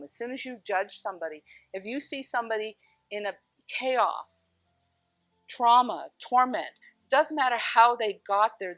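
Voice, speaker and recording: A middle-aged woman spiritual teacher telling stories in a casual, animated way, laughing often and shifting her pace. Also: fairly high pitch, dry recording. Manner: animated storyteller, laughs often, speeds up and slows down.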